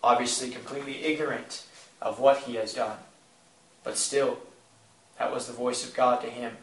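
A man's voice: medium pitch, fairly even intonation, moderate pace, long pauses, fairly bright tone. A man preaching a sermon with impassioned, repetitive phrasing that swells in emphasis. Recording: echoey room, mic at a distance.

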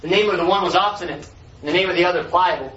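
A man's voice: high-pitched, racing. A man preaching a sermon, reading scripture and an old allegory with earnest delivery. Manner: earnest reading, rising forceful on key lines. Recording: echoey hall, voice far from mic, dull lo-fi.

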